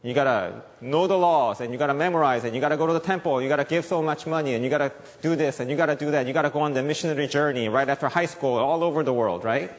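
A man's voice: a little high, quick pace, few pauses. A male pastor preaching a sermon, emphatic, repeating key points and asking the audience questions. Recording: long echoey reverb.

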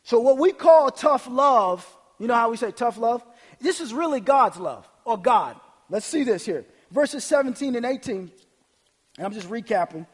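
A man's voice: extremely high pitch, animated, normal speed, breathy edge, in a large hall. A man preaching a sermon, reading scripture aloud and asking his listeners rhetorical questions with emphasis. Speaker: pastor.

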